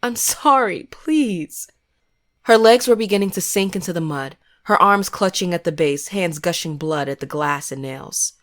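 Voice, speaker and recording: A woman giving scripted first-person horror narration in a measured, grim way. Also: on the low side.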